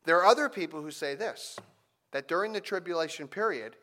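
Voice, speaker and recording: A man preaching a sermon, telling a family story and then teaching from scripture, with animated emphasis on key points. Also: fairly high pitch, brisk. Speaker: pastor.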